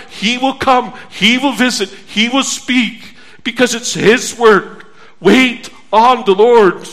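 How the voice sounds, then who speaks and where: A high-pitched man delivers a sermon from the pulpit. His tone is earnest and pleading. He moves between hushed, slow lines and quicker, urgent appeals to his listeners. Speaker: pastor.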